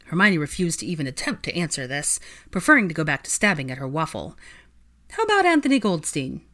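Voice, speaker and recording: Low-voiced woman reading a story. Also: fast talker. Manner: expressive storytelling. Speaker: reader. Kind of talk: fan fiction read aloud.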